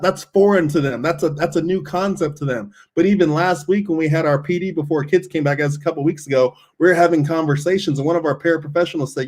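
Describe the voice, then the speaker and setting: A man's voice: fairly high pitch, a little mellow. A middle-aged man, a school principal, speaking earnestly in a podcast interview and often repeating words as he starts a thought.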